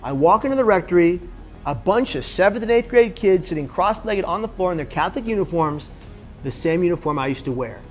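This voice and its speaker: Animated man telling a personal story. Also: high voice, a little fast, faint music behind. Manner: animated, acts out other people's lines in the story. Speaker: suicide prevention speaker.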